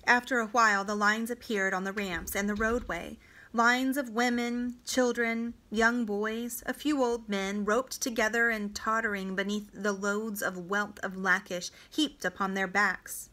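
A woman reading a novel aloud to students, with a deliberate, dramatic delivery. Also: mid-range voice, sharp tone. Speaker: reader for homeschool students.

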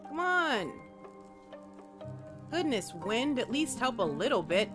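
A woman commentating as she plays a video game, talking to the objects on screen and swinging between mopey asides and excited outbursts. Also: a little high, takes it slowly, music in the background. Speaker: gamer. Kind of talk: let's play commentary.

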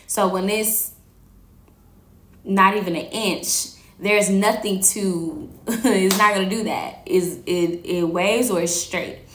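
Animated slangy woman in an echoey room. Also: mid-range voice. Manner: animated, slangy, laughs often. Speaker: host. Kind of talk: casual faith talk to camera.

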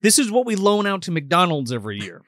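A man's voice: high-pitched, fast talker, no room sound, studio quality. A man co-hosting a movie podcast with playful, joking banter. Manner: playful, laughing, lively banter. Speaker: podcast co-host. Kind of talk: casual chat.

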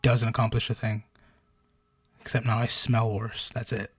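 A man co-hosting a casual podcast, telling fun facts in a storytelling way with animated bursts at the punchlines. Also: fairly low pitch, moderate pace, husky. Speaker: podcast co-host.

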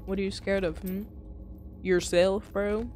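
A woman's voice: medium pitch, level tone, unhurried, a little mellow, soft background music, lightly acted. A woman reading aloud the lines of a taunting female game character in a teasing, condescending tone. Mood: mocking.

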